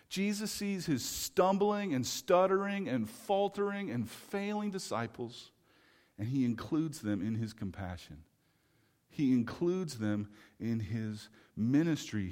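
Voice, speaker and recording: Impassioned male preacher in a reverberant hall. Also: medium pitch. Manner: impassioned, rhetorical questions, acts out quoted voices. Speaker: pastor. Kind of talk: sermon.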